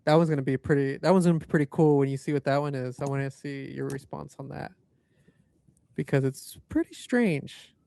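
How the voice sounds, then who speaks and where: A man's voice: medium pitch, fairly quick, gravelly, warm tone, dry recording. A man co-hosting a paranormal podcast, chatting casually and rambling through loose asides. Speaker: podcast co-host. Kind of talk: casual chat.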